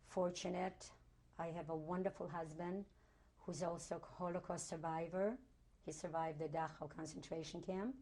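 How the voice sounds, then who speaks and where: A woman in her sixties, a Holocaust survivor, telling her life story in an oral history interview, halting and repeating words for emphasis. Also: on the low side, mellow.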